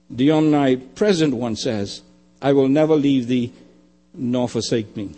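A man preaching a sermon, emphatic and repetitive, often dropping to a quiet low. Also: a little slow. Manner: emphatic, repeating phrases, dropping to quiet lows.

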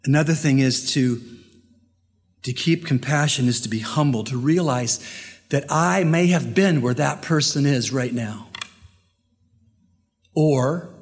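A male pastor preaches with earnest, deliberate phrasing and pauses, telling a story to make his point. His voice sits at an ordinary mid pitch. It rings through a church sanctuary with a long reverb. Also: breathy edge. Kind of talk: sermon with storytelling.

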